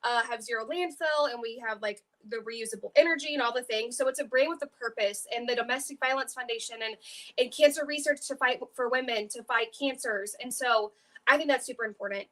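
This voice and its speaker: A woman's voice: a little high, fairly quick, fairly bright tone. A woman chatting casually on a live stream, rambling with many fillers. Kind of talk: casual chat.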